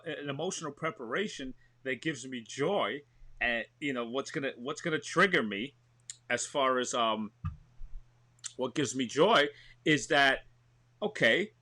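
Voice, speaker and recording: A man, an actor talking excitedly in a remote interview, full of "you know what I mean". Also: mid-range voice, unhurried. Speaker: actor and show host, guest. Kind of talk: animated conversational interview.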